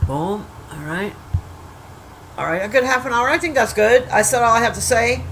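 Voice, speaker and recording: A woman's voice: a little high, fairly bright tone, a little hiss or hum, low-quality recording. A woman on a casual livestream, rambling bluntly about a movie, swearing freely and teasing her silent chat. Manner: profane, blunt trash-talking, teasing the chat; rambling with restarts and drawn-out asides.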